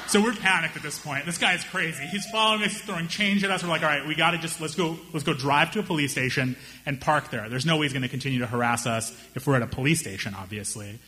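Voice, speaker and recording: A young man doing stand-up storytelling, animated and acting out the people in his story with raised voices. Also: on the high side, a little hiss or hum. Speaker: stand-up comedian.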